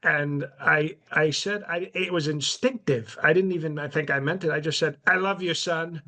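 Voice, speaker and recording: A man's voice: a little high, normal speed. A man doing a rambling, boastful old president. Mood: smug. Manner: rambling, boastful, deadpan, with self-interruptions. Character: brash, boastful elderly male president. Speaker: podcast host in character. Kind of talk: improvised comedy podcast.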